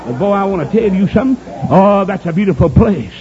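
A man with a Southern US accent preaching a revival sermon, telling folksy stories and bursting into shouts, with many "uh" fillers. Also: high voice, lively intonation, fairly quick, crowd noise. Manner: shouting, exclamatory, punctuating with "uh". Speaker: evangelist preacher. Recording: dull lo-fi audio recording.

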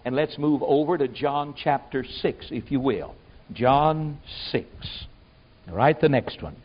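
A man preaching a sermon in a folksy, emphatic way, swinging between loud exclamations and quiet asides. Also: mid-range voice, a little slow. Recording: muffled lo-fi sermon recording.

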